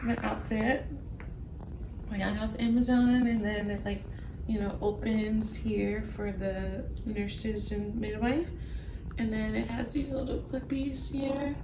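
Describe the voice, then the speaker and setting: Soft-spoken young woman, slow and chatty. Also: fairly high pitch, little pitch movement. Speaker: vlogger. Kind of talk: casual vlog in a hospital room. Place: hospital delivery room. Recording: echoey room, faint background noise.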